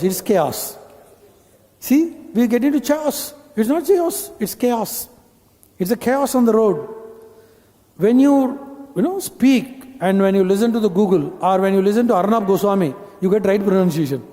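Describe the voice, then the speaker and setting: A man's voice: sits high, expressive, moderate pace, dark tone. Indian man training a hall audience. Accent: Indian English. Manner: instructive, addresses the audience with questions. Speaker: corporate trainer. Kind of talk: live training session. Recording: long hall reverb.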